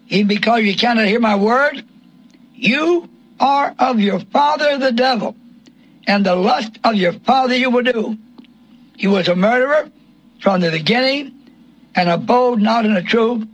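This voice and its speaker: A man's voice: high voice, fairly bright tone, poor audio. A man preaching a sermon, asking rhetorical questions and quoting scripture in old King James wording.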